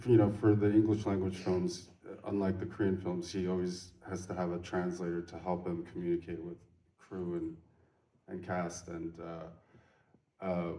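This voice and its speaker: Deep, mellow male producer, roomy hall. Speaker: film producer. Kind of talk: Q&A answers. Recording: echoey hall, from far off.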